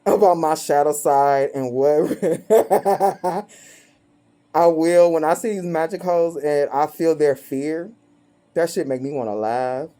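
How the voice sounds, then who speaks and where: A woman's voice: low-pitched, a little slow, mellow. A woman doing a casual tarot reading, blunt and profane, often breaking into laughter as she mocks her subjects. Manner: blunt, profane and gleefully mocking; laughs often between phrases. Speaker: tarot reader.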